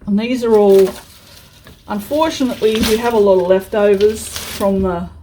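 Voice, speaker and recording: A woman's voice: medium pitch, moderate pace, dark tone, slight background noise, poor audio. A woman vlogger chatting frankly while she works on a craft project, with mild swearing and many restarts. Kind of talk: casual chat while crafting.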